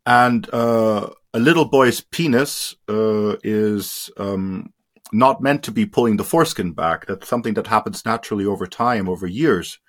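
An adult man, raised in India, whose voice runs on the low side, speaks as an interview guest about his personal experiences. He hesitates a lot, restarting and filling pauses, and trails off softly.

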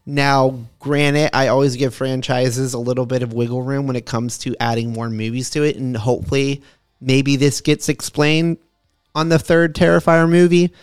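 A man's voice: medium pitch, flat delivery, normal speed, clean tone, no echo, clean studio sound, faint music behind. A man co-hosting a casual movie podcast, rambling with fillers as he talks through a film. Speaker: podcast co-host.

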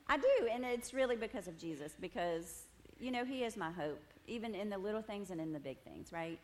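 A woman's voice: medium pitch, animated, moderate pace. A woman giving a personal testimony to a group at tables, telling her story animatedly with laughter and frequent asides to the room. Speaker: women's ministry speaker.

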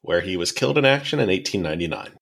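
Man, low voice, podcast host, casual history narration, wry asides. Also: expressive, rapid-fire, vocal fry, fairly bright tone. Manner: wry, explanatory storytelling.

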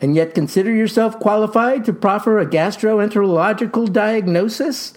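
A man's voice: high-pitched, moderate pace, voice pushed up, natural voice. A man voicing a sulky nine-year-old farm boy who answers back in oddly erudite words. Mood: peevish. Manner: peevish, oddly erudite retorts.

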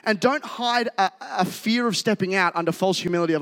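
Male pastor, high voice, energetic casual sermon, reverberant church hall. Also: brisk. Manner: energetic, climbing to shouts when fired up.

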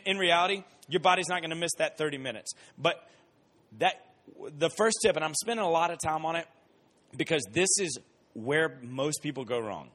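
A man's voice: a little high, pushed and bright. A man giving a humorous, rambling youth sermon. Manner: rambling, joking storytelling. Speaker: youth speaker.

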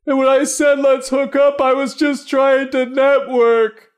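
A man voicing a whiny young man who begs to be let back inside, in an exaggerated squeaky falsetto. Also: flat delivery, measured pace. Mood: pleading. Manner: pleading, over-the-top.

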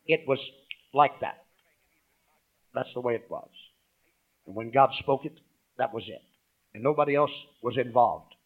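Calling out to the congregation, a man with a slightly high voice preaches, alternating loud emphasis with hushed asides. He also reads scripture aloud, and the recording sounds narrow and tinny.

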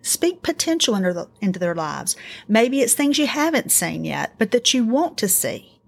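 A middle-aged woman hosting a casual faith-based parenting talk, earnest and encouraging, telling family stories in an animated way. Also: a little high, moderate pace, vocal fry, husky. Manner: earnest, encouraging, animated storytelling with acted quotes. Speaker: podcast host.

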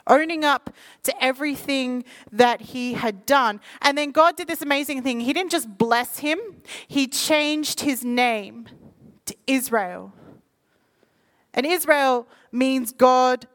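A woman preaching to a live audience, reading scripture quickly and then explaining it in lively, casual talk. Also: sits high. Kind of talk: sermon.

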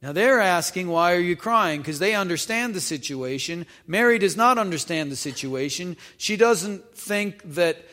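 A man preaching, reading scripture aloud and explaining it conversationally, pausing to ask the listeners questions. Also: high voice, animated, pushed and bright. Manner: reads verses then explains them conversationally, asking questions. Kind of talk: Bible teaching, reading scripture with commentary. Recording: long hall reverb.

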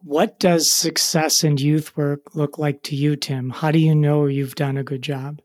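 A man's voice: on the high side, little pitch movement, unhurried, no echo, studio quality. A man hosting an interview, asking questions and affirming his guest. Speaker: interview host. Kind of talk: conversational interview.

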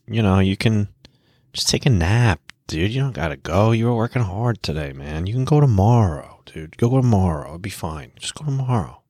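A man's voice: fairly low pitch, expressive, normal speed, darkish tone, no echo, clean studio sound, voice pushed up. A man voicing his own lazy inner voice, a male tempter who coaxes him to skip training and rest. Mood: coaxing. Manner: coaxing, laid-back, swears casually.

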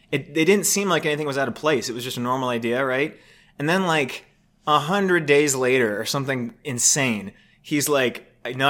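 A man co-hosting a casual podcast, talking in an animated way and swearing freely. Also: medium pitch. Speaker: podcast co-host.

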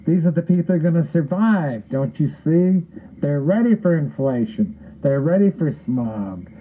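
A man's voice: on the high side, expressive, normal speed, a little hiss or hum. A man speaking in a played-in clip. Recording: tinny phone-like clip audio.

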